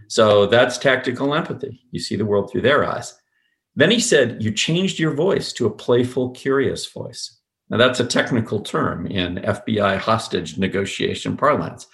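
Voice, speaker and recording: Brief: man with a lowish voice, emphatic interview guest who acts out quotes. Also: fairly bright tone. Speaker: podcast guest, sales executive. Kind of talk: podcast interview.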